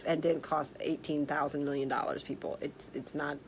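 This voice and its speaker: A woman health practitioner telling a story in a casual vlog, blunt and animated, swearing freely. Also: deep voice, normal speed, a little hiss or hum, poor audio. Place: office.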